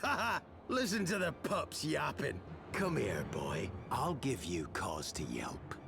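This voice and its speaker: A man's voice: medium pitch, very animated, takes it slowly, a bit bright, heavily acted. An actor playing a sneering male street thug with a West Country accent in a video game, over game music. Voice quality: gravelly, taunting. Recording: game audio with music behind.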